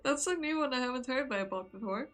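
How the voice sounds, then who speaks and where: A woman's voice: high-pitched, expressive, fast talker, fairly bright tone, soft background music. A woman streamer chatting casually with her viewers while reading a game aloud, sleepy and yawning, chatty and giggly. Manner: chatty and giggly, talking to chat. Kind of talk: casual chat while reading a visual novel.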